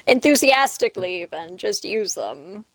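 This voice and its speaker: Brief: direct, outspoken female podcast host, mid pitch, fry, dry close sound. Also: very animated, moderate pace, a bit bright, no echo. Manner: frank and direct, steers the talk. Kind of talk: casual podcast chat.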